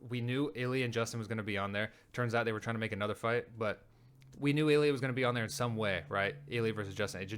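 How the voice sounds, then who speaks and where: A man with a lowish, slightly bright voice hosts a show and reacts to clips with heated, rapid ranting full of swearing. It's casual commentary, delivered with real anger.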